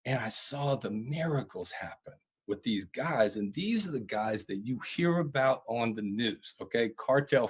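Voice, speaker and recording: A man's voice: medium pitch, slightly rough. A man, a preacher and guest, telling earnest stories in an interview answer. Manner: earnest, animated storytelling with laughs.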